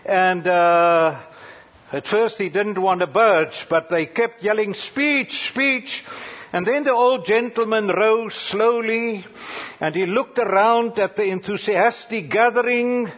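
A male preacher delivering a sermon with a husky, breathy voice that sits high for a man. He speaks slowly, letting his delivery rise to loud cries and fall to hushed near-whispers, often pausing with fillers. The recording sounds dull and lo-fi. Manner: halting, with frequent uh fillers.

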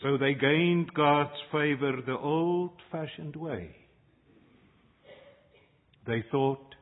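A man preaching a sermon as pastor, slow and measured, with dramatic pauses between phrases. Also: on the high side. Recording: tinny phone-like sound.

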